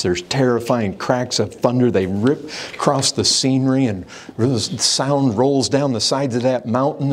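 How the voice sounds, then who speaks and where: A man preaching a sermon as pastor, impassioned, swinging from raised intensity to low hushed warnings.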